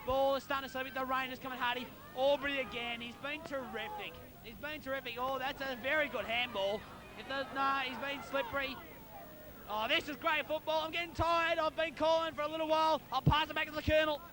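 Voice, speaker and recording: A man calling an amateur football match as club commentator, openly barracking and shouting encouragement to his team's players by name. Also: very high-pitched, steady tone, brisk. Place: outdoors at a suburban football ground.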